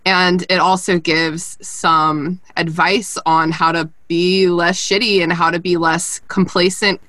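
Casting: woman podcast host, lowish voice, casual and profane, laughs easily; dry close mic. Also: little pitch movement, fairly bright tone, dry recording. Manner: casual, swearing, quick to laugh.

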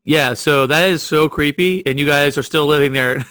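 A woman's voice: sits low, moderate pace, fairly bright tone, dry recording. A woman hosting a podcast, reacting with short exclamations and asking follow-up questions in casual chat. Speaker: podcast host.

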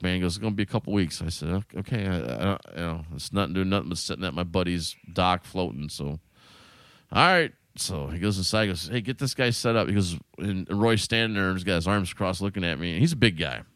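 A man's voice: low-pitched, a little fast, no room sound. A man casually telling a long story, swearing freely and acting out what each person said. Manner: animated, profane, acts out quotes.

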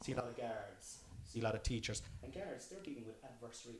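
A man's voice: mid-range voice, animated, fast talker, a crowd in the background. A man as a podcast guest, talking earnestly and thinking aloud in casual chat.

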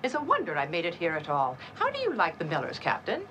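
Haughty chattering older mother, low and very lively voice, TV clip with audible noise. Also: quick pace, exaggerated voice. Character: grand, vain, boastful telepath mother, older woman. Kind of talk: 1980s TV drama acting. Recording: TV episode clip with clear background noise.

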